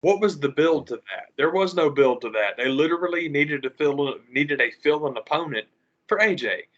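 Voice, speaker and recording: A man, co-hosting a podcast in an animated, profane ranting way. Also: fairly high pitch, normal speed. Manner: animated, profane ranting with mocking quoted voices. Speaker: podcast co-host. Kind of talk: casual podcast chat. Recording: slightly dull lo-fi audio.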